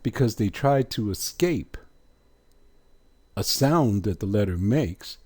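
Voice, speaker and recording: A man teaching in an unhurried, drawn-out way, with a low, husky voice. His pitch rises and falls a lot as he puts question after question to his listeners. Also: lively intonation, darkish tone. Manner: drawn-out, deliberate, asks rhetorical questions. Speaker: religious teacher. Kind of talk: slow pronunciation lesson.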